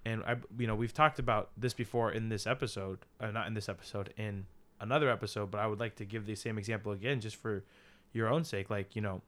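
A man's voice: lowish voice, fairly even intonation, quick pace, few pauses, fairly bright tone. A young man co-hosting a casual faith podcast, explaining at length in an earnest, rambling way with many fillers. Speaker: podcast co-host and teacher.

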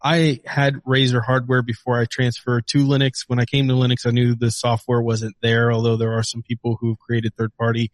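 A man's voice: mid-range voice, completely flat delivery, normal speed, hardly any pauses. A man co-hosting a podcast, talking tech in a rambling, opinionated way with lots of fillers. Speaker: podcast co-host. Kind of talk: casual tech chat.

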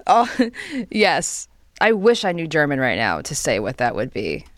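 A young woman co-hosting a podcast, chatting casually and telling animated stories, acting out quotes with quick laughs. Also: low voice, no room sound, studio quality. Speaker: podcast co-host. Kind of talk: casual chat.

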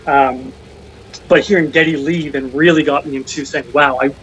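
A man's voice: fairly high pitch, fairly even intonation, normal speed, fairly bright tone, slight background noise. A young man, a guest musician calling in, talking casually and rambling, with many fillers and restarts. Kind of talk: casual interview by phone. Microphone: phone call. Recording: dull lo-fi call-in audio, faint music.

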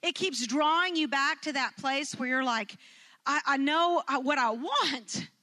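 An animated woman telling a personal story to a live audience. Her voice sits high and bright, and it leaps even higher when she acts out quotes. She laughs her way through the funny parts. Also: a little slow. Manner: animated, acts out quotes with big jumps in pitch.

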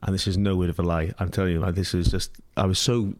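A man's voice: deep voice, flat delivery, quick pace. A middle-aged Scottish man, an interview guest, telling a story casually with many restarts, fillers and laughs. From Scotland.

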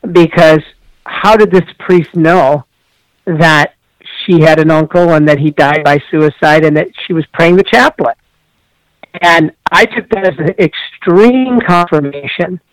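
A man's voice: a little high, dry recording, low-quality recording. A man, a priest and author, telling a story in an interview and acting out the dialogue earnestly.

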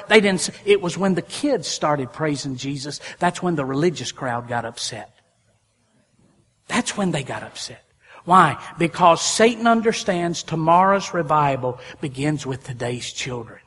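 A male pastor preaching a sermon in a folksy style, his voice swelling loud and then dropping soft. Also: high-pitched, animated, normal speed. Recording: long hall reverb.

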